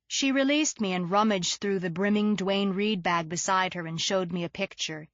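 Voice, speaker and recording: A woman narrating an audiobook in the first person, in an even storytelling manner. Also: mid-range voice, moderate pace, hardly any pauses, no room sound. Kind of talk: scripted narration. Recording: dull dry studio recording.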